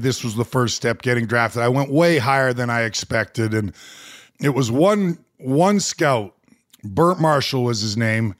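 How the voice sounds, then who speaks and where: Animated man telling stories. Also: medium pitch. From Canada. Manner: animated, candid, laughs while telling stories. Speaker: guest. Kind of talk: storytelling interview.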